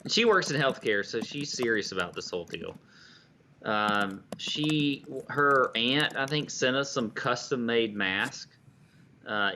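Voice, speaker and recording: A man co-hosting a casual podcast, quick to get exasperated about other people's habits. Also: medium pitch, bright, forceful tone, slight background noise. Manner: easily riled, exasperated reactions. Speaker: podcast co-host.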